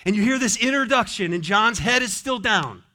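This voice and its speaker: A man preaching a sermon as pastor, moving between soft, gentle consoling passages and emphatic, repeated declarations. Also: sits high, lively intonation, moderate pace.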